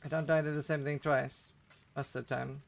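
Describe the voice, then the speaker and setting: A man streaming a game, speaking in a slightly high voice with a gravelly fry running through it. He talks loosely and chattily, reading and answering his chat as he plays. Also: flat delivery, a little fast. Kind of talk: casual live-stream commentary.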